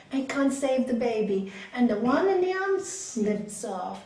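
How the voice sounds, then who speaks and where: Expressive woman teaching in an echoey hall. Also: a little high, unhurried, hardly any pauses. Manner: expressive, lively, with laughs and hushed asides. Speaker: yoga teacher. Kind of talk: spiritual talk with storytelling. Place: meditation hall. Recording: echoey room from a distant mic.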